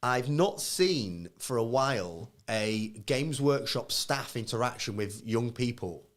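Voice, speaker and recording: A man's voice: medium pitch, expressive, takes it slowly. A man in his thirties co-hosting a live podcast, chatting casually and acting out quoted voices as he tells stories. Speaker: podcast co-host.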